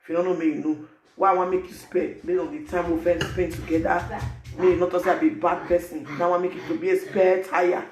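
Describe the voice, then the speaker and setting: A man speaking Nigerian Pidgin English, giving animated, preachy advice to his viewers in a casual vlog. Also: high-pitched, fast, reverberant, music in the background. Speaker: vlogger.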